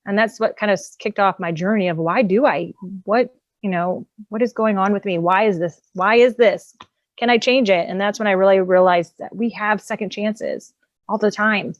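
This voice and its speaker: A woman's voice: medium pitch, fairly even intonation, moderate pace, no room sound, lo-fi sound. A woman, an empowerment coach and author, telling her personal story as a guest in a casual, candid way, often laughing between thoughts.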